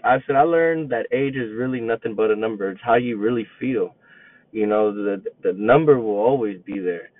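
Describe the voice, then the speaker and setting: A man's voice: medium pitch, no room sound. Man in his twenties on a tinny line. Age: 20s. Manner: rambling, repeats himself, reflective. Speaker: teacher and coach. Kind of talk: casual storytelling monologue. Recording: tinny phone-like line, dry.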